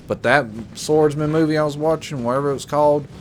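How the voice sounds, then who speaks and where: A man's voice: a little high, steady tone, fast talker, slight background noise. A man giving casual live commentary while playing a video game, rambling emotionally and repeating himself. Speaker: gameplay commentator.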